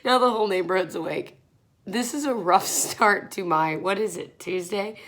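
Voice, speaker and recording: A woman's voice: medium pitch, normal speed, a bit bright. A tired young woman in her twenties chatting casually and rambling as she gets ready in a small room at home, laughing often between thoughts. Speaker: beauty vlogger. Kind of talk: casual vlog chat.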